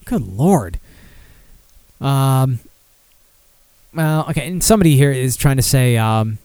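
A man hosting a solo podcast rambles sardonically through listener comments, full of fillers and restarts in casual commentary. His voice is medium-pitched and darkish, with no room sound.

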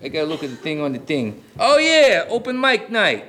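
A brash, cocky puppet showman talks out of the side of his mouth, voiced by a man. His voice sits high and his jokes come fast. A faint hiss runs under the live puppet comedy. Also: wildly swooping pitch.

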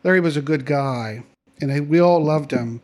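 A middle-aged man tells a personal story in a fairly high voice. He keeps it conversational and lively and slips into the voices of the people he quotes. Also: a little slow.

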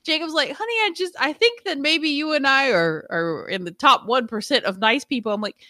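A woman's voice: high voice, lively intonation, brisk, pushed and bright, no room sound, studio quality. A woman co-hosting a live stream in casual chat, blunt and brash, swearing freely and mimicking people. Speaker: streamer co-host.

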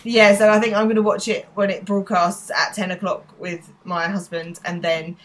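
A woman's voice: medium pitch, flat delivery, normal speed, rough recording. A married woman co-hosting a podcast, chatting casually and animatedly, laughing and swearing now and then. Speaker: podcast co-host. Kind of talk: casual chat.

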